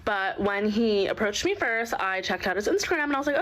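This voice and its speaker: A woman's voice: medium pitch, expressive, brisk, a bit bright, rough recording. A young woman in a casual vlog, chatty and exasperated.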